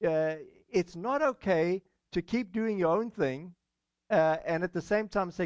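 A pastor giving a sermon, measured and encouraging, pausing often with "uh". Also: male voice, sits high, animated, dry recording, dull audio. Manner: measured, many "uh" fillers, encouraging.

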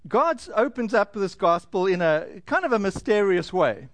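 High-voiced joking male preacher. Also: big pitch swings, no room sound. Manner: conversational and joking, with frequent fillers and slowed emphasis. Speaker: pastor. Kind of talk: sermon.

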